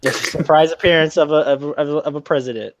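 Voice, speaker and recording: A man's voice: fairly high pitch, steady tone, fast talker, a little hiss or hum. A man on a casual podcast recommending shows, hesitant and stumbling over his openings. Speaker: podcast co-host. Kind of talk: casual chat. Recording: dull lo-fi mic.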